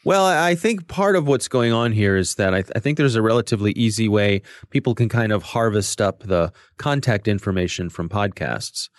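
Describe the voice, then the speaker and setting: A man's voice: fairly low pitch, animated, a little fast, hardly any pauses, dry recording. A man hosting a podcast who explains things in a thoughtful way, with small restarts, in a casual chat. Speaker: podcast host.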